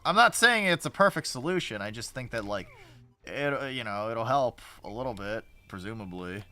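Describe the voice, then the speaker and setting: A man's voice: mid-range voice, lively intonation, normal speed, bright, forceful tone. A male streamer giving casual, rambling gameplay commentary, sarcastic and swearing often.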